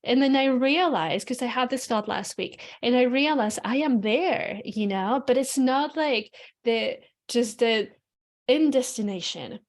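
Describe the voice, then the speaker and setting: A woman with a fairly high voice hosts her own podcast, musing aloud in an easygoing, reflective monologue. She speaks loosely and candidly, leaning on "you know" and "like" and not shy about the odd swear word. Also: a little slow. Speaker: podcast host. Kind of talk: casual reflective spiritual monologue.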